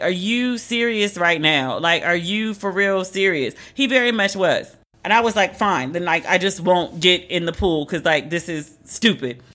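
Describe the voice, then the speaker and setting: A woman tells a story in a casual, animated way. She swings between disbelief and exasperation. Her voice is bright and sharp. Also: medium pitch. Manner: animated, exasperated retelling with quoted dialogue.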